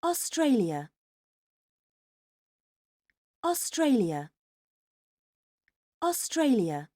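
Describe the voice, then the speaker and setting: High, lively woman drilling single words. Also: dry recording, clean studio sound. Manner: says each word slowly three times. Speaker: pronunciation model speaker. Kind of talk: repeated word drills.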